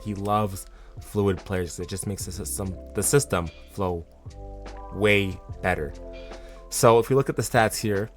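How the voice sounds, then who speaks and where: Low-voiced man, chatty fan vlogger. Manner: chatty and excitable, with many fillers and restarts. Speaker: football fan channel host. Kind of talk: casual vlog commentary.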